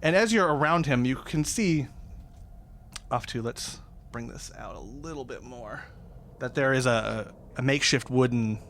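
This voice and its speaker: A man's voice: medium pitch, a bit bright, a little hiss or hum. A man narrating a tabletop game as dungeon master, in a loose, rambling way.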